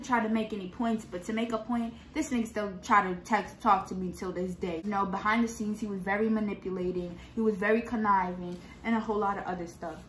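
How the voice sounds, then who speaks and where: A woman's voice: mid-range voice, fairly bright tone, slight background noise. A young woman telling a storytime to camera in casual, blunt, slangy and profane talk. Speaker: vlogger. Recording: echoey room.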